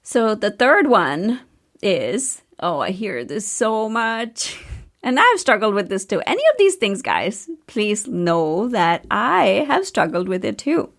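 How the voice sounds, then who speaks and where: A woman's voice: medium pitch, big pitch swings, slow, gravelly. A woman in her thirties hosting a podcast, talking candidly and casually with a storyteller's chatty flow. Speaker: podcast host and coach.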